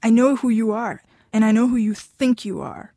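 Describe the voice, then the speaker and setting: A woman's voice: a little high, steady tone, moderate pace, dark tone, dry recording, clean studio sound. A woman reading a clingy, pleading husband. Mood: insistent. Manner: insistent, wheedling, turns tearful. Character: pleading, possessive Mexican husband, middle-aged man. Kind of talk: audiobook dialogue.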